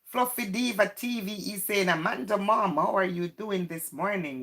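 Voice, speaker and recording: A woman's voice: mid-range voice, moderate pace, hardly any pauses, a bit bright. A woman hosting a casual live stream, chatty and teasing, greeting viewers by name and reading out their comments.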